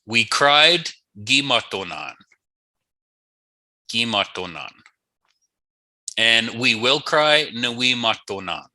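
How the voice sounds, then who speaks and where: A man's voice: mid-range voice, animated, takes it slowly, long pauses, pushed and bright, no room sound, rough recording. A man teaching an online language lesson, patiently saying each word twice and adding playful asides.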